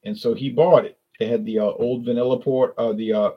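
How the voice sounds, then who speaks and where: A man's voice: mid-range voice, steady tone, fairly quick, breathy edge, muffled recording. A man from South Louisiana with a South Louisiana accent, rambling through a casual live-stream chat about drinks with lots of restarts and self-corrections.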